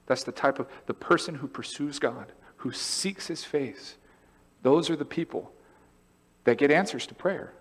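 Animated man preaching in a reverberant church. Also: on the high side, a little slow. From California. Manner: animated, storytelling, acts out voices and laughs. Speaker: pastor. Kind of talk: sermon. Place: church sanctuary.

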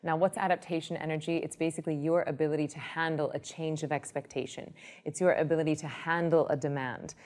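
A woman with a low, deep voice talks through a meditation teaching. She explains in a lively, storytelling way and acts out the people in her examples. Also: fast.

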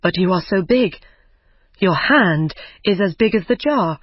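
A quick-witted poor fisherman, read aloud by a storyteller in a learners' audiobook. He speaks slowly and plainly. The recording is dry and muffled. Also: mid-range voice, expressive, slightly rough, no room sound. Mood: mocking. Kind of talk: simple audiobook reading for learners. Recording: dull lo-fi recording.

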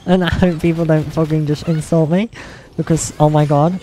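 A woman streaming casually, rambling and cursing between giggles as she practises a higher voice. She talks at a slow, unhurried pace in a soft, mellow tone. Faint music plays underneath. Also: level tone. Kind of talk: casual livestream chat.

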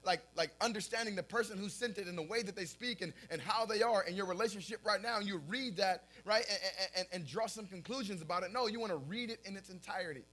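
A young adult man preaching a sermon, telling stories in an animated, casual way with lots of fillers and bursts of laughter. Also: high-pitched, fast, few pauses. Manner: animated storytelling, often laughing at his own story; casual filler-heavy talk. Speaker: pastor.

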